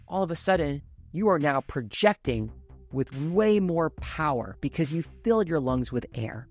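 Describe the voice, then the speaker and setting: A man giving clear, emphatic coaching tips as a public speaking coach. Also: fairly high pitch. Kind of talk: instructional talk to camera.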